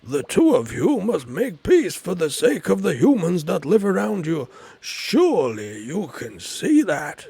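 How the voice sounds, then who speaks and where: A stern old wizard lays down the law, as a man puts him on. He speaks loud and higher than usual, with a gravelly edge, and sits back from the mic. He sounds commanding and grave. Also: huge pitch swings, unhurried, dry recording, full character voice.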